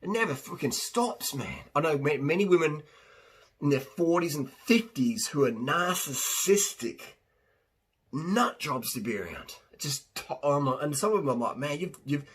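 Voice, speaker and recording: A man's voice: a little high, very animated, normal speed, a bit bright, slightly rough. A man coaching diet and fitness in a rambling, blunt, unscripted monologue, slipping into quoted voices. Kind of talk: unscripted one-take monologue.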